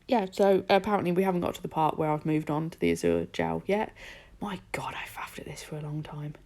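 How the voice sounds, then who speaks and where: A woman's voice: deep voice, very animated, fairly quick, warm tone. A woman narrating her nail art tutorial, chatty and self-mocking with rambling asides. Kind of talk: casual voice-over tutorial.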